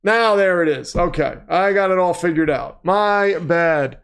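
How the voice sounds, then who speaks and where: A man hosting a casual livestream, chatting and commentating, flustered at times and prone to excited outbursts. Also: high-pitched, measured pace, gravelly, clean tone. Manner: flustered, self-deprecating, breaks into excited shouts. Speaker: livestream host.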